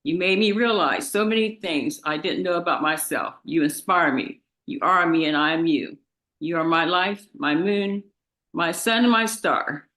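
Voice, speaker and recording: Tearful young woman, bright voice. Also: fairly low pitch, low-quality recording. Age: about 20. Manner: tearful, halting, grief-stricken, with restarts. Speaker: victim's daughter giving an impact statement. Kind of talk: reading a victim impact statement in court. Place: courtroom.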